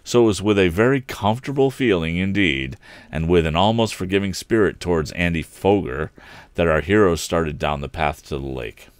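A man reading an old adventure novel aloud as a livestream storyteller, expressive and voicing each character. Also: low voice, normal speed, clean tone, no echo.

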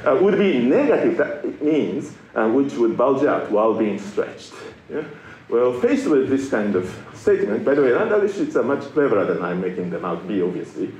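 Middle-aged male lecturer from Japan, witty and animated, heard in an echoey lecture hall. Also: mid-range voice, normal speed, slight background noise. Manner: playful, self-mocking, lively delivery. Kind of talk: public science lecture. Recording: roomy lecture hall with faint ambience.

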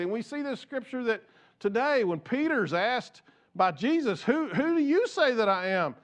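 A man's voice: extremely high pitch, sing-song, moderate pace. A man pastor preaching a conversational sermon in church, repeating words as he goes and joking with the congregation.

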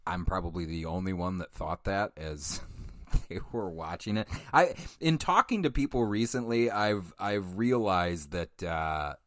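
A man's voice: sits low, a little slow, a bit bright, dry recording, studio quality. A man hosting a podcast, rambling through a casual film review with profane, self-deprecating asides and chuckles into a microphone. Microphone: studio microphone.

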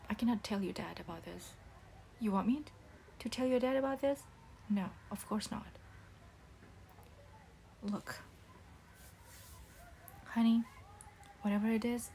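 Woman playing a soft-spoken scolding mother, whispered role-play. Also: fairly high pitch, slight background noise. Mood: stern, scolding. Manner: soft-spoken, halting with restarts. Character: scolding single mother, disappointed and stern.

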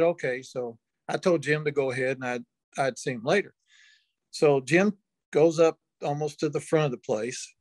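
A man's voice: fairly high pitch, dry recording. Older man telling a folksy story. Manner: chuckling, folksy anecdotal storyteller. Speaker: interview guest. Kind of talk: storytelling in an interview.

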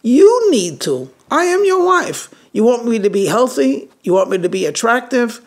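A man's voice: on the high side, lively intonation, fairly quick, creaky, slightly rough, full character voice. A man voicing an exasperated wife who pleads with her husband in indignant rhetorical questions.

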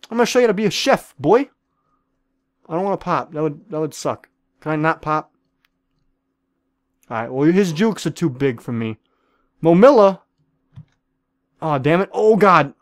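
A man with a fairly high voice rattles off excitable, profane commentary over a game. He talks straight to the other players and keeps up a goofy celebrity-chef bit. The recording is dry, with no room sound. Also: no echo. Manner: jokingly plays a celebrity chef. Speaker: gaming video creator.

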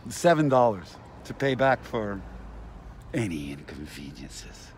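A man's voice: fairly low pitch, sing-song, slow pace, noisy background. A man giving an agitated, aggrieved ranting monologue to camera, often repeating himself. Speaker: vlogger.

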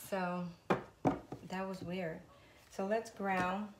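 A woman's voice: mid-range voice, level tone, drawn-out words. Woman doing a tarot reading on video, echoey room. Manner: talks to viewers as "guys", swears freely, calls on spirit. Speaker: tarot reader. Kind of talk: casual tarot reading with prayers. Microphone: phone. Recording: echoey room with loud noise.

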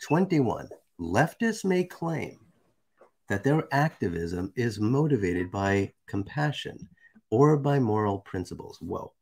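A man's voice: on the low side, big pitch swings, slow, gravelly, a little mellow, breathy edge. A man hosting a live stream, reading a text aloud and chatting casually with viewers. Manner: casual, chatty, asides to the chat.

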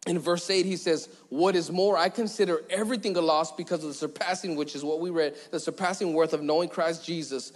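A man preaching as pastor, chatty and joking, who slows down and goes quiet to stress a point. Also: fairly high pitch, steady tone. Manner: conversational, joking, acts out little scenes; slows down and drops quiet for emphasis. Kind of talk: sermon. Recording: long church hall reverb.

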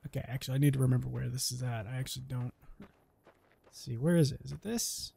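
A man's voice: medium pitch, fairly quick, creaky, dark tone, slightly rough. A man playing a game and muttering casual, self-mocking commentary to himself. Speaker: let's play gamer.

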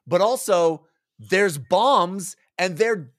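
A man's voice: high-pitched, expressive, extremely slow. A man co-hosting a casual book-club podcast, talking animatedly and slipping into playful voices. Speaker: podcast co-host.

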